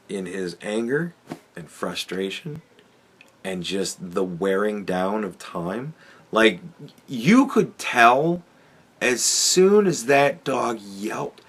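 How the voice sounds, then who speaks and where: Bright-voiced, foul-mouthed male podcast host. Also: fairly low pitch, sing-song, drawn-out words, pauses often, breathy edge. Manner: sardonic, swears a lot, chuckles often. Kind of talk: profane commentary monologue.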